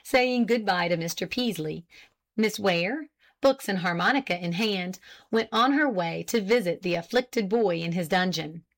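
A woman reading an old novel aloud in steady, measured audiobook narration. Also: on the low side.

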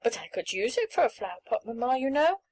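A woman voicing an eager little girl of about seven who pleads for pretty things, speaking high and excited. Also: quick pace, low-quality recording.

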